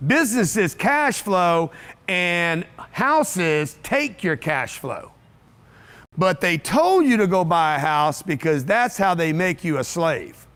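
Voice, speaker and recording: Brash high-voiced male seminar speaker. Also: a bit bright. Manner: brash, punchy, repeats phrases for effect. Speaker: motivational speaker. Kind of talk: live seminar talk to an audience. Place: event room with an audience.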